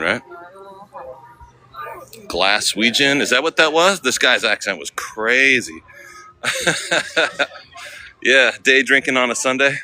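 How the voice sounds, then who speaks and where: An American man from the United States live-streams as he walks city streets, chatting casually with viewers in slang. His voice is medium-pitched with a sharp tone, and there's a little hiss or hum.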